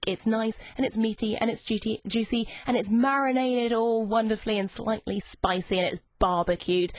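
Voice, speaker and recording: A young woman hosts a lunchtime radio chat show, bubbly and eager as she talks to her listeners. Her voice sits a little high, and the studio mic gives it a dry, close sound. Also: no echo. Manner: bubbly, chatty, enthusiastic. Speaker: radio presenter. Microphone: studio microphone.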